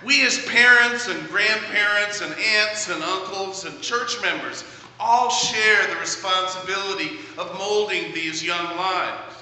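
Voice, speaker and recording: A middle-aged man preaching a sermon in a church, earnest and measured, telling stories. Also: high voice, sharp tone, a little hiss or hum. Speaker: pastor. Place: church sanctuary. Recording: echoey church hall from a distance.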